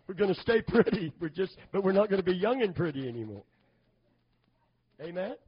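Husky high-voiced preacher man. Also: sing-song, moderate pace. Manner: call-and-response, asking for amens; builds to loud, fervent emphasis. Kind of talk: sermon. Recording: dull lo-fi sermon recording.

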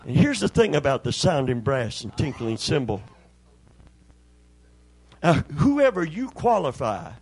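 A man's voice: fairly high pitch, gravelly, a little mellow, slightly rough. Folksy man preaching a sermon. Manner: folksy storyteller, acts out voices in anecdotes. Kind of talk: sermon with storytelling.

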